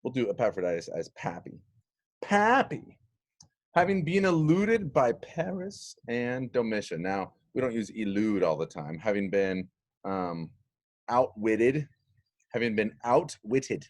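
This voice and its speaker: A man's voice: lowish voice, unhurried. A male teacher walks students through a Latin text in a recorded lesson. His voice swings widely up and down, and he keeps the delivery playful and full of jokes. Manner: animated, playful, jokey.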